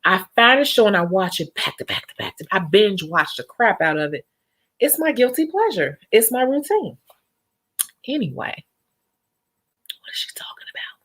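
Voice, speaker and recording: A woman's voice: medium pitch, sing-song, normal speed, a bit bright. A young woman who works as a nail technician, chatting casually and animatedly with her viewers and laughing often. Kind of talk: casual vlog chat with viewers.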